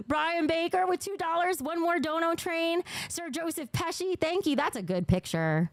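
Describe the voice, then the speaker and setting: Animated, swearing woman livestreamer with a Jersey accent. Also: high voice, moderate pace, dry recording. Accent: New Jersey. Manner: blunt and profane, then gushing over donations. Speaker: livestream host. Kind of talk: casual livestream chat.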